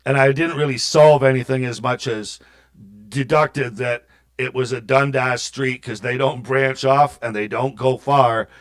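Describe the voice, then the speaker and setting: A middle-aged man hosting a metal show, telling a long story in a rambling, profane, self-interrupting way. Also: medium pitch. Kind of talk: rambling casual monologue.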